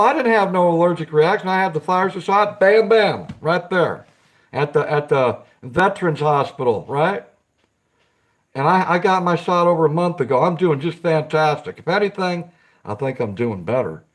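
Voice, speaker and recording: A man hosting a casual live stream, chatting with viewers, greeting them by name and giggling often. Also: fairly high pitch.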